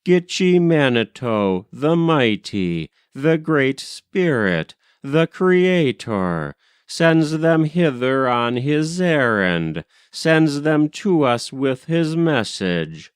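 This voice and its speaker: A man voicing a grave, wise male chief describing a vision, solemn and measured. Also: mid-range voice, big pitch swings, clean tone, no echo, clean studio sound.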